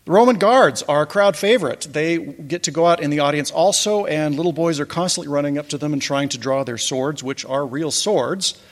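A man's voice: fairly high pitch, brisk, hardly any pauses, in a large hall. A man giving a casual talk over slides, telling wry stories with chuckling asides. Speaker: presenter recounting a church pageant.

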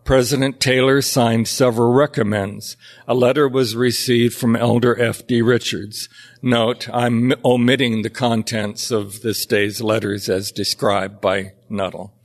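A man reading historical journal entries and documents aloud in a measured, deliberate way, with occasional slips. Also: medium pitch. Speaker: history narrator.

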